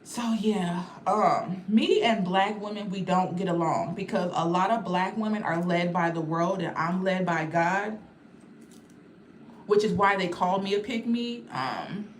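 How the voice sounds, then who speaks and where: A woman's voice: on the low side, measured pace, a little hiss or hum. A woman chatting casually on a livestream, rambling and talking straight to her viewers in a blunt, outspoken way.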